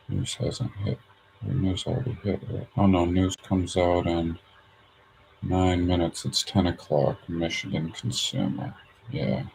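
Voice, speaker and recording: Low, gravelly, slow-talking man. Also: background noise. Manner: hesitant, many fillers, thinks aloud. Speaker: day trader streaming his charts. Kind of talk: casual thinking-aloud commentary.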